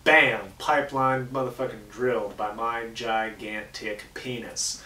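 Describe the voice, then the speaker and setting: A man's voice: mid-range voice, fairly even intonation, a little slow, hardly any pauses, pushed and bright, far from the mic, slight background noise. Crude joke-telling man, echoey room. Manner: crude, casual, swears a lot. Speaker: host.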